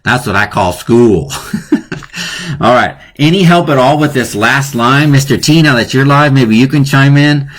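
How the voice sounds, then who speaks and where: A man's voice: mid-range voice, normal speed, few pauses, a bit bright. A man hosting a live online lesson, playful and chatty, often chuckling at his own jokes. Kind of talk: casual live-streamed lesson.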